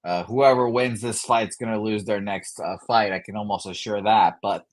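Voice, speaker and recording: Blunt, fairly low-voiced man on a stream. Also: fairly even intonation, moderate pace. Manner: blunt and dry, with many hesitations. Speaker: co-host on a betting stream. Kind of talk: casual live stream chat.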